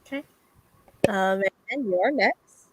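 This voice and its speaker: A woman running a tabletop game as game master, speaking in a slow, hesitant way with many fillers. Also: medium pitch, breathy edge, dry recording, poor audio.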